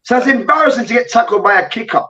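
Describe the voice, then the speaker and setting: A man's voice: extremely high pitch, animated, rapid-fire, bright, forceful tone, far from the mic, dull audio. A man co-hosting a heated sports debate, ranting animatedly with lots of slang and swearing. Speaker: co-host.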